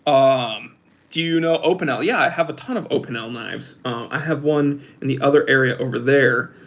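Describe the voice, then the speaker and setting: A young man chats casually as host of a livestream. His voice sits at a middling pitch, and he rambles with plenty of fillers and restarts as he reads out chat messages. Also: normal speed, a bit bright. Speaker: host of a watch channel, reading live chat.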